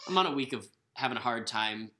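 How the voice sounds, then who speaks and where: Chatty young woman with a bright tone. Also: extremely low pitch, lively intonation, fast talker. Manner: chatty, rambling with fillers and self-corrections. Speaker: podcast co-host. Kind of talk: casual chat.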